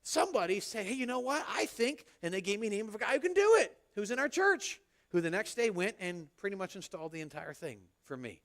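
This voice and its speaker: Animated high-voiced man preaching a sermon. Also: quick pace, few pauses. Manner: conversational and animated, acting out little exchanges. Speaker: pastor. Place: church sanctuary.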